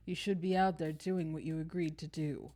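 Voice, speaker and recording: A woman's voice: deep voice, fairly even intonation, moderate pace, warm tone, faint music behind, natural voice. A woman reading the lines of a domineering, passive-aggressive middle-aged father aloud from a game. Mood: condescending. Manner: lecturing, condescending.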